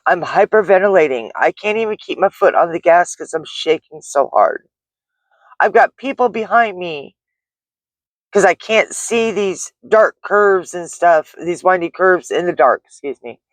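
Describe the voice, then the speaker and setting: A woman's voice: fairly low pitch, lively intonation, a little slow, no room sound. A middle-aged woman, a delivery driver, recounting a frightening experience in a rambling vlog story full of restarts and fillers. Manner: rambling, shaken retelling with many restarts and fillers.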